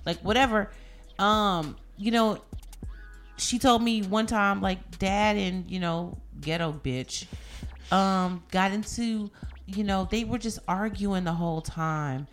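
Profane, animated woman telling stories. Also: mid-range voice, slow pace, soft background music. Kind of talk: casual chat.

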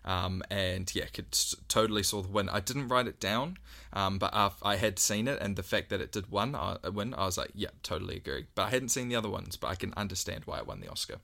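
Bright-voiced, hesitant man on a podcast. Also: fairly low pitch, animated, gravelly. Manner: hesitant, halting, many ums. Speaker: podcast co-host. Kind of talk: casual podcast chat.

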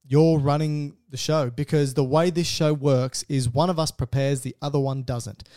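Brief: doctor co-host, mellow slightly high voice, jokey and loose, dry close mic. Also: male voice, fairly even intonation, normal speed, no echo. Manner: joking, laughs often, plays the student. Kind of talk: casual podcast chat.

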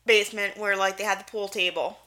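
A woman's voice: mid-range voice, steady tone, brisk, pushed and bright. A woman co-hosting a podcast, chatting playfully, giggling and acting out quotes while recapping a show. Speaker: podcast co-host. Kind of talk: casual chat recapping a show.

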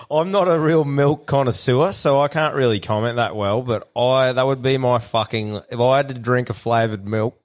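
A man with an Australian accent runs a podcast in easy casual chat, voice sitting at a middle pitch. He swears freely and keeps things laid-back. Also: fairly even intonation, normal speed. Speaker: podcast host.

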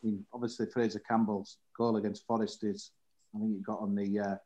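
A man's voice: on the low side, flat delivery, a little fast, darkish tone, dull audio. A man chatting casually as a podcast guest, rambling a little with tag questions and loose fillers. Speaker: guest, football fan. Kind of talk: casual chat.

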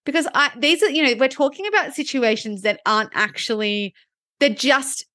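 A woman's voice: high voice, moderate pace, bright, forceful tone, no echo, clean studio sound. A woman co-hosting a casual wellness podcast, talking through ideas reflectively with frequent "like". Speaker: podcast co-host.

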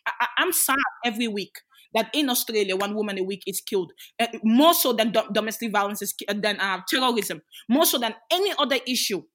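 On the high side with lively intonation, her voice comes at a quick pace and sounds a bit bright. The speaker is a young adult women's rights activist in Australia, an interview guest speaking with fervor and many rhetorical questions.

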